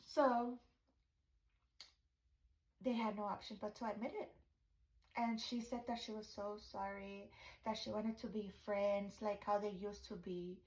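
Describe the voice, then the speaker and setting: A woman's voice: medium pitch, fairly even intonation, measured pace, long pauses, a little mellow, roomy sound, low-quality recording. A woman podcast host telling a story in a casual, blunt way, swearing and adding dramatic asides.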